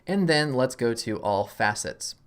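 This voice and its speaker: Casual man talking through a software tutorial. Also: medium pitch, measured pace, clean tone. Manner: relaxed, self-deprecating, thinks aloud while clicking. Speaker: tutorial host.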